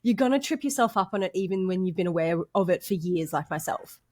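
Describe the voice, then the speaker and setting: A young woman, chatting casually as a podcast co-host, bubbly and quick to laugh, with lots of "like". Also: on the low side, expressive, a little mellow. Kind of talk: casual chat.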